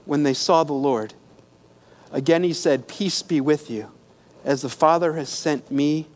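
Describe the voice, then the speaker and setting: High-voiced man preaching a sermon. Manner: storytelling retelling of scripture with pauses, restarts and hushed quiet passages.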